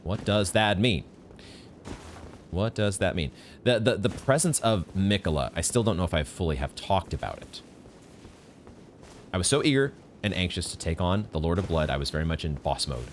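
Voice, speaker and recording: An animated man with a low voice and moderate pace streams a first-time playthrough of a video game, bantering and musing playfully. Game music sits in the background, and there's a little hiss or hum.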